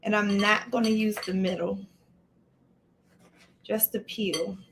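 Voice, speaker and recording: A woman's voice: mid-range voice, fairly even intonation, slow pace, background noise. A woman hosting a casual live cooking stream from her home kitchen, chatting to viewers by name while she chops. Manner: chatty, greets viewers by name mid-task. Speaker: livestream cooking host.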